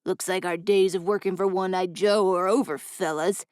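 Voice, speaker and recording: A woman voicing a gruff, menacing man in an audiobook, bossy and threatening. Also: on the low side, fairly even intonation, normal speed, a little mellow, dry recording, studio quality, natural voice. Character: gruff threatening male bounty thug.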